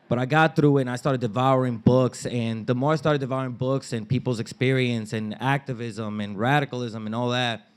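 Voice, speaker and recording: Telling a personal story live at a story slam, this man of Dominican family background speaks a little fast in a clear, resonant, medium-pitched voice. Animated and slangy, he swears casually and acts out what his family members said in raised voices.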